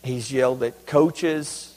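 A man's voice: medium pitch, steady tone, slow, a little mellow, long reverb tail, low-quality recording. A man preaching a sermon as pastor, emphatic and conversational, with humorous asides to his congregation. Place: church sanctuary.

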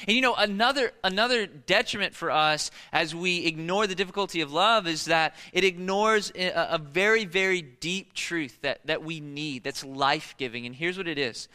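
Young guy pastor preaching, high bright voice, chatty and emphatic, echoey church hall. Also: expressive, moderate pace. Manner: conversational, emphatic, frequent restarts. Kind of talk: sermon.

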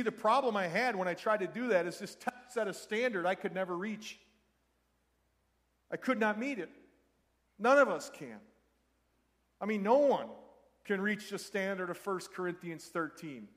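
A man's voice: high-pitched, a bit bright, big-room sound. A man preaching a sermon, telling a story and speaking earnestly and directly to his congregation. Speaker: pastor.

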